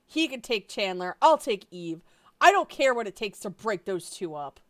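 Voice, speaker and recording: A woman voicing a jealous, bossy young woman who gets loud and exasperated. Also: medium pitch, very animated, moderate pace, no room sound, studio quality, natural voice.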